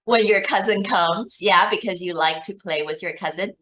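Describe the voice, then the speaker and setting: A woman English teacher tutoring a young child one-on-one, asking slow, patient, deliberate questions. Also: fairly low pitch, bright, forceful tone.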